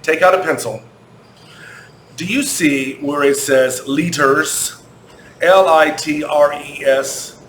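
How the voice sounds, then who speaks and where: An American man teaching an English grammar lesson to children, repeating questions slowly and spelling words out letter by letter. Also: a little high, a bit bright. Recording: echoey room, faint background hum.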